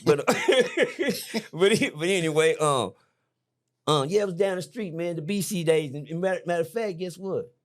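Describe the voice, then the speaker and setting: Fifties man, raised pitch, playful and digressive, slangy podcast storyteller. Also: animated, moderate pace. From Fort Worth, Texas. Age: 50s. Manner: teasing, rambling storyteller with slang. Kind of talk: casual chat. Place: indoor podcast room.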